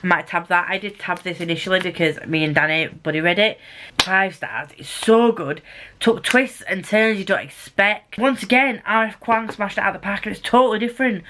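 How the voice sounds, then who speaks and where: A woman's voice: mid-range voice, fairly quick, fairly bright tone. A young woman chatting casually and enthusiastically about books she read, with playful asides. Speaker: book vlogger. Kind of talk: casual book wrap-up chat.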